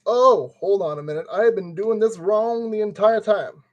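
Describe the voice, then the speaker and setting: A man's voice: high voice, moderate pace, a little mellow, dull audio. Man chatting through a brick build. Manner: chatty, talks himself through each step. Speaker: streamer. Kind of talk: casual building-stream commentary.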